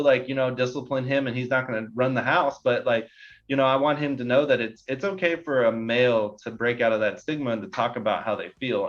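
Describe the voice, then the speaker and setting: A man's voice: medium pitch, a bit bright. Earnest man rambling with fillers. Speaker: podcast guest. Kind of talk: casual interview chat. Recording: slightly dull lo-fi sound.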